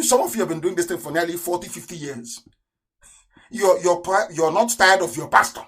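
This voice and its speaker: A Nigerian-accented man holds forth on live radio in a fairly high voice. He is openly contemptuous and fires rhetorical questions at his audience. His volume lurches from near-shouting to muttered asides. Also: low-quality recording. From southeastern Nigeria. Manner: scornful, hammering rhetorical questions; swings between loud outbursts and low mutters. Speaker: radio broadcaster and activist. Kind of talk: impassioned live radio address.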